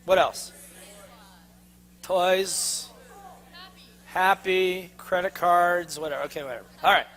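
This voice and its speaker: A man's voice: high voice, slow pace, long pauses, fairly bright tone. A man giving a sales seminar to a live audience, quizzing them with fill-in-the-blank questions. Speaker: sales trainer. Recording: long hall reverb.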